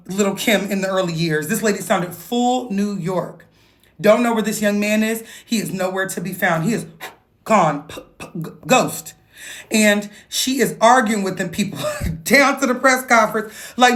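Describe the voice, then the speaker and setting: A woman talking through a viral news story in a playful, animated gossip style, with exclamations and laughter. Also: mid-range voice, normal speed. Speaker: vlogger. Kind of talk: casual gossip commentary.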